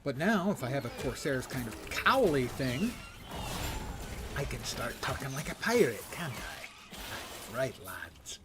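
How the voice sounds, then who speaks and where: A man's voice: medium pitch, big pitch swings, measured pace, over music. A man giving casual gameplay commentary as a streamer, playful and rambling, often dropping into muttered, half-whispered asides. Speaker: game streamer.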